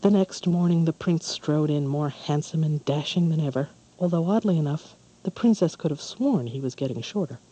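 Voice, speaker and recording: A storyteller giving a measured, calm scripted narration of a fairy tale. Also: medium pitch, breathy edge, rough recording.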